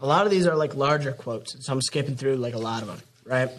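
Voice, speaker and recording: A man's voice: mid-range voice, fast, slight background noise. A young man in his late teens, a student guest on a podcast, musing in a rambling, mock-preachy way. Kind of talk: casual podcast chat.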